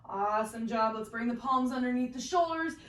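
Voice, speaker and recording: This yoga teacher speaks with a fairly high, fairly bright voice at a brisk clip, with a little hiss or hum in the audio. She practices alongside the class, slightly out of breath, calling poses and breaths with encouraging cues. The room echoes and her voice sounds far off.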